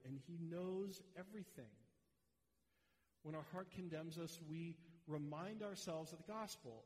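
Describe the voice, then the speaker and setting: A man's voice: a little high, a little mellow. Earnest male pastor preaching a sermon. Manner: earnest, direct, speaks to the congregation. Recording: long reverb of a large hall.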